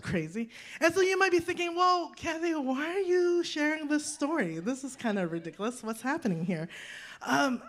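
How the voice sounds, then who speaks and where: A woman in her thirties preaching a sermon, telling a personal story with lively, acted-out quotes and frequent rhetorical questions. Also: a little high. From United States. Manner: animated storytelling, acting out quoted voices, rhetorical "right?". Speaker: guest preacher.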